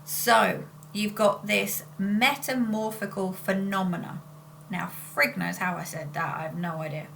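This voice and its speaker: A woman's voice: mid-range voice, fairly even intonation, measured pace, vocal fry, fairly bright tone, a little hiss or hum. A woman, chatting casually on her vlog in a rambling way, often breaking off to correct herself. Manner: rambling and self-interrupting. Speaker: spiritual channeler and vlogger. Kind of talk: casual chat.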